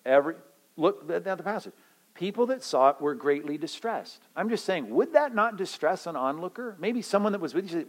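A man's voice: sits high, animated, a little fast, low-quality recording. Man, pastor, retreat sermon, conversational, humorous, acts out scenes. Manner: conversational and joking, acting out everyday scenes.

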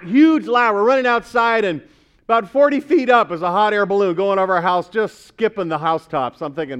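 A man's voice: high-pitched, fairly quick, fairly bright tone, clear, resonant tone. A male pastor preaching a sermon in a conversational way, asking the congregation questions as he goes.

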